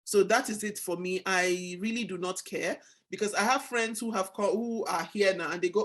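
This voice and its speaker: With hardly any pauses, a Nigerian book club host talks at a moderate pace and medium pitch, her Nigerian accent clear. She animates her stories by acting out the back-and-forth exchanges within them.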